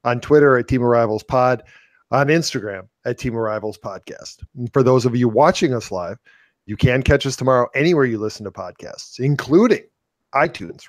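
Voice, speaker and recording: A man's voice: medium pitch, moderate pace. A man with a mid-range voice co-hosts a sports podcast, full of dry, teasing banter. He reads the show's plugs in an easy tone. The sound is close and dry, with no room echo. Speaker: podcast co-host. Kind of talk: casual sports chat and show plugs.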